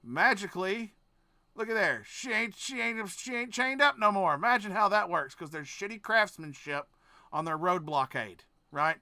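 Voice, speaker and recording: A man with a high, sharp, bright voice rants through a reaction video, swearing freely. He drifts between low grumbles and sudden loud outbursts, often stopping mid-sentence to start over. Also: expressive, moderate pace, dry recording. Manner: profane, ranting, swings between mutters and shouts; trailing off, restarting sentences. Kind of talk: casual reaction commentary.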